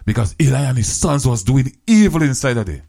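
A man's voice: medium pitch, big pitch swings, gravelly, dark tone. Man preaching a retold Bible story. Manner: retells scripture in plain creole-flavored English, with repetitions; drops to slow, drawn-out words for scripture quotes. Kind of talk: storytelling sermon.

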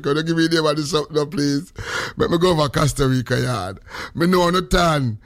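A Jamaican man hosting morning radio, talking in a teasing patois-heavy way with a slightly high voice. The studio sound is very dry and close. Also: moderate pace, dry recording. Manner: joking, heavy patois, frequent greetings. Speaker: radio host. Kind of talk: casual morning radio chat.

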